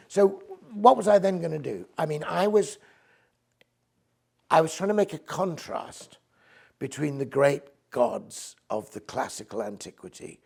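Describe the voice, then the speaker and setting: Gravelly older English man. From England. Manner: enthusiastic, nerdy about poetic meter, drops to soft low recitation for verse. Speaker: poet and priest, guest. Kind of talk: conversational interview, reciting his own poems.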